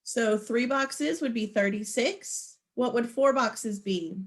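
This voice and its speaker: Speaking slowly in a voice on the high side, a woman leads an online math lesson on a video call. She walks through every step with patience and encouragement.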